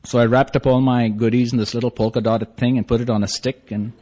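A man's voice: medium pitch, level tone, fast, warm tone. A man with a non-native English accent telling a humorous personal story in a wry, self-mocking way, laughing as he goes. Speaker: speaker sharing a recovery story.

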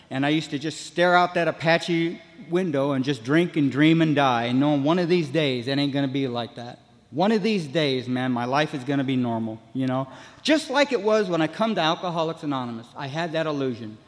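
Older man telling a rambling story. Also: on the high side. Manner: rambling storyteller, frequent "man, you know". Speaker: speaker sharing recovery story. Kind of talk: humorous recovery talk. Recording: long hall reverb.

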